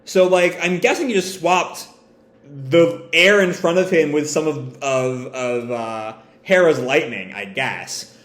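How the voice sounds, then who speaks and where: A man's voice: fairly high pitch, slow pace, fairly bright tone, reverberant. A man casually reading comics aloud, musing and adding commentary with many fillers. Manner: musing, lots of fillers and asides. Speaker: manga reader.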